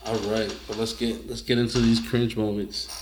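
A man co-hosting a casual podcast, reacting with relaxed, joking banter. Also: on the low side, moderate pace, slight background noise. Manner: laid-back, reactive banter. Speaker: podcast co-host. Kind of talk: casual chat.

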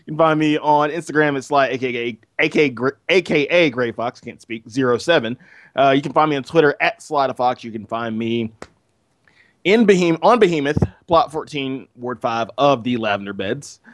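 A man's voice: medium pitch, lively intonation, moderate pace, dry recording. A man co-hosting a casual gaming podcast over a video call, making dry quips. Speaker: podcast co-host.

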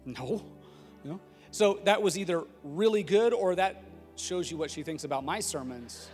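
A man's voice: high voice, lively intonation, normal speed, a little mellow. A man in his thirties, a pastor delivering a sermon in a conversational, humorous way that builds to emphatic repetition. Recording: long hall reverb with faint music.

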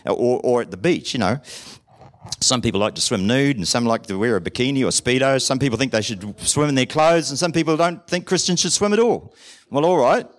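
A New man preaching in a chatty, conversational sermon. His pitch leaps up and down in a very animated way, and he keeps asking the congregation questions. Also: fast. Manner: acts out short dialogues in different voices. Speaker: pastor.

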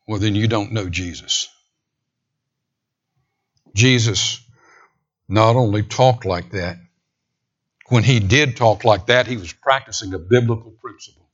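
A man preaching a sermon with emphatic delivery, rising to raised declamation and dropping to a hushed near-whisper. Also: on the low side, lo-fi sound.

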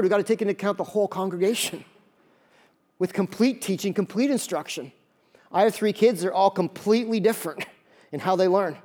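A male pastor preaches in a relaxed, conversational, animated way, dropping quick jokes and asides. His voice sits high for a man, moving between loud emphasis and quiet, soft passages.

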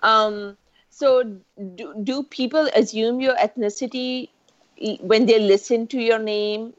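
A young woman co-hosting a casual podcast, relaxed and asking questions. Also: fairly high pitch, a little slow. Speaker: podcast co-host. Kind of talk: casual chat. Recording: dull lo-fi sound.

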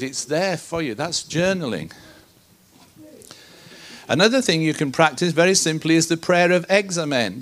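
A man delivers a sermon to a gathered congregation, his voice sitting a little higher than most men's. He teaches in an earnest, conversational way, often posing questions to his listeners. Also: a bit bright. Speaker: preacher.

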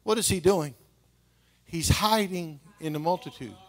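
An older man preaching a live sermon in a church, swinging from hushed, emotional storytelling to impassioned shouting. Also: on the high side, a little slow. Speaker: pastor. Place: church sanctuary with congregation.

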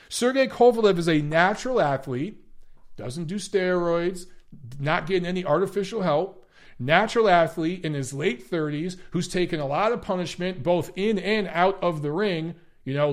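A man doing blunt, sarcastic boxing commentary on a livestream, swearing freely and answering chat. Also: sits high. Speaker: boxing analyst and ratings panelist.

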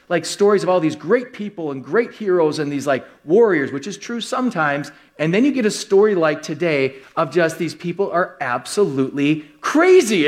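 A man preaching a sermon to a live congregation, telling a funny story with lively, joking delivery. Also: high-pitched. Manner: animated, joking, acts out quoted voices. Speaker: pastor. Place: church hall with a live congregation.

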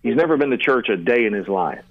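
Speaking quickly and with animation in a mid-range voice, an older man who teaches at a seminary discusses prayer earnestly on radio, repeating words as he launches sentences. The recording is dry, with a narrow, phone-like radio quality.

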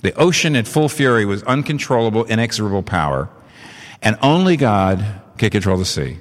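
A man preaching a sermon, animated and leaping up in pitch to stress his points. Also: a little fast. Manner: animated, rising in pitch for emphasis. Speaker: pastor. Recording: long hall reverb.

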